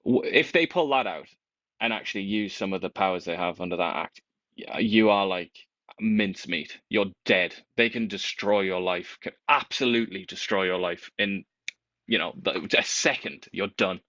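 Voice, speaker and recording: Bright, animated low-voiced man. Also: moderate pace, dry recording, dull audio. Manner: animated, wry, big swings in pitch. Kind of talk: casual political chat.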